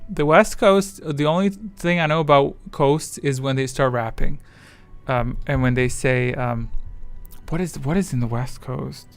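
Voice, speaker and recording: A man talks loosely through a live stream with a gravelly, fry-tinged voice. He rambles, curses and reads viewers' messages aloud. Faint music plays underneath. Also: mid-range voice, measured pace. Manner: rambling, swears freely, reads chat aloud. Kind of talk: casual livestream chat.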